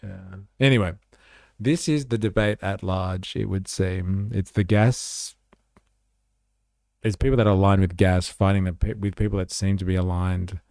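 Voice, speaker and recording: A man's voice: sits low, fairly even intonation, moderate pace, gravelly, a little mellow, no echo, studio quality. A man hosting a casual livestream, chatting back to comments and saying "like" a lot. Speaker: livestream host.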